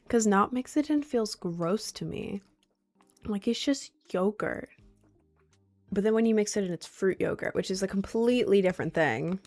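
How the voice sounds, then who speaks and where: A woman's voice: medium pitch, lively intonation, moderate pace, a little mellow. Chatty young woman livestreamer. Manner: chatty, rambling, greeting viewers by name. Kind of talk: casual livestream chat.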